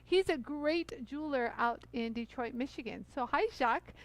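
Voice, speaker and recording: Middle-aged woman, high voice, effusive live-stream host who chats nonstop with viewers. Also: moderate pace, no room sound, poor audio. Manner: bubbly, chatty, many fillers, addresses viewers as "you guys". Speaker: host of a live jewelry tool demo. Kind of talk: live-stream product demo.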